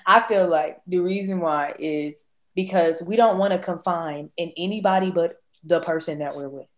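A woman's voice: lowish voice, moderate pace. A woman co-hosting a casual podcast, giving emphatic opinions in loose slang. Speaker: podcast co-host.

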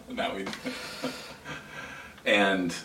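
Deep-voiced man, jokey and laughing. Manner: jokey, laughs often, halting restarts. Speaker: lead pastor, podcast co-host. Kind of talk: casual chat. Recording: roomy sound from a distant mic, faint noise.

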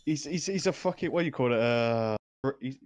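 A man's voice: medium pitch, animated, fairly quick, no room sound. A man from Britain, trading crude, profane banter as a stream co-host, tagging lines with "mate".

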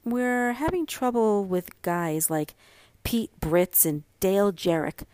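A woman voicing an excitable, scheming little girl who talks eagerly and a bit whiny in a storybook reading. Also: mid-range voice, slow. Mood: excited.

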